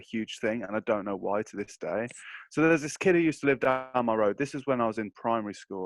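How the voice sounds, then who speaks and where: A young man, telling stories in a slangy, animated way during a casual podcast chat. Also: on the low side, no echo. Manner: animated storyteller, slangy, laughs through his telling. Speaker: podcast co-host.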